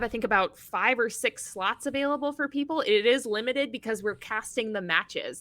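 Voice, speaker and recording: A woman's voice: medium pitch, sharp tone, dry recording. A woman co-hosting a casual livestreamed podcast, explaining event details in a friendly, informative way. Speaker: co-host, event organizer.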